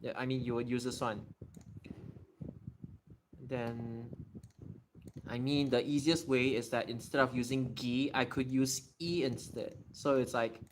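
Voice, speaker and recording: A livestreamer in a casual Q&A, excitable and thinking out loud while typing. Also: mid-range voice, unhurried, long pauses, a little hiss or hum.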